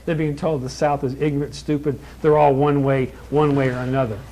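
A man preaching a sermon in a plain American voice, emphatic, building lists with rising stress and slowing down for key lines. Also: medium pitch, level tone, dark tone, a little hiss or hum, rough recording. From born in Kentucky, raised in California.

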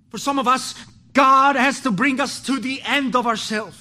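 Bright, high-voiced impassioned preacher man. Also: fairly even intonation, moderate pace. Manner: impassioned, swings from pleading loud to low and hushed; repeats and restarts words. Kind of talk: sermon.

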